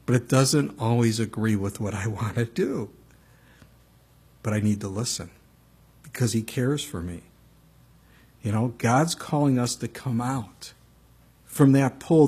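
This is a man with a mellow, slightly rough mid-range voice. As a pastor, he preaches conversationally, reading scripture, telling stories, and regularly breaking off to address the congregation.

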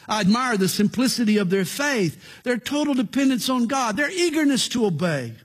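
A middle-aged male pastor delivering a sermon in earnest, emphatic phrasing, slowing down to tell stories. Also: high-pitched, breathy edge. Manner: earnest, slow emphatic phrasing with storytelling asides.

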